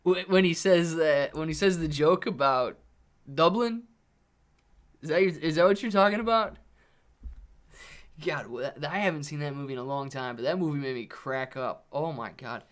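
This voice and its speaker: Chatty guy doing a live stocks stream, kinda high voice, upbeat, reading out chat. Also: moderate pace. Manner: upbeat, chatty, thanks viewers by name. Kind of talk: casual live stock-market commentary.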